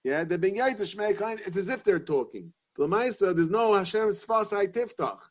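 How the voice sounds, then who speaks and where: A man giving a Talmudic lesson, reasoning aloud in halting, repeated phrases. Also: sits high, lively intonation. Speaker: Torah class teacher. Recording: dull lo-fi sound.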